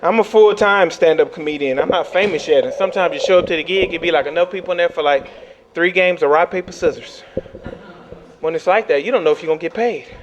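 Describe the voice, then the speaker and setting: A man from Texas doing a stand-up set on a club stage, telling animated stories and acting out the voices. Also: a little high, fast, muffled recording, music in the background. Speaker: stand-up comedian. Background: audience laughter.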